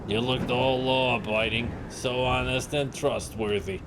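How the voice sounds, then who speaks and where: A man voicing a furious, unhinged male outlaw in a horror game, with frantic shouting. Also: medium pitch, fairly even intonation, unhurried, background noise, close to an everyday voice. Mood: taunting.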